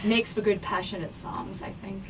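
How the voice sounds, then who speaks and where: A woman's voice: mid-range voice, fairly even intonation, moderate pace. Woman singer from New York, studio radio guest, bubbly and effusive, laughs easily, faint hiss. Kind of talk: casual radio interview.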